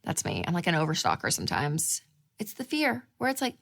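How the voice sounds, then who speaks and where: A woman in her thirties hosts a show at a brisk pace, her voice carrying vocal fry. She's casual and animated on camera, voicing inner thoughts with dramatic pitch jumps.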